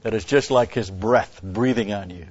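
A man's voice: on the low side, normal speed, husky, no echo. A man giving a rambling Bible teaching, stressing key words and restarting his sentences. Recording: dull lo-fi recording.

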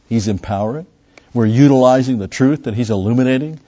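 Speaking a little fast at medium pitch, a male pastor teaches from scripture with emphatic bursts of volume on important words. He uses fillers and restarts, and the recording is dull and lo-fi.

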